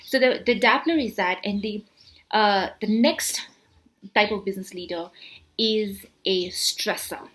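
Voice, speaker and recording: A woman speaking straight to camera in a relaxed, talky way, coaching her viewers. She keeps throwing out rhetorical questions and answers them herself. She restarts her phrases and fills the gaps with "uh" and "you know" as she sketches ideas with her hands. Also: mid-range voice, measured pace. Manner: explains with hand gestures, repeats words, many fillers. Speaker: motivational speaker. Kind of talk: casual talk to camera.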